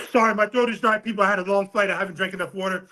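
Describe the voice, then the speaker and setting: A fast-talking, high-pitched middle-aged man, a boxing coach from New York City, tells a story in a casual interview. He laughs and swears freely in an animated way, and the recording is rough.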